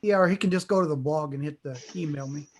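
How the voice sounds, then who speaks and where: Male co-host, raised pitch, quick practical interjections in casual chat. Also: slight background noise.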